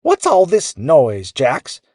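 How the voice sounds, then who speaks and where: A man's voice: a little high, huge pitch swings, takes it slowly, darkish tone, no echo, studio quality, voice pushed up, full character voice. A man voicing a grumpy older woman neighbor who growls and scolds. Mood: scolding.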